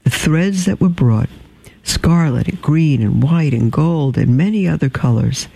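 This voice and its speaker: A man reading a storybook aloud in a measured, unhurried way, with small slips and some throat clearing. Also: on the high side, animated, warm tone, poor audio.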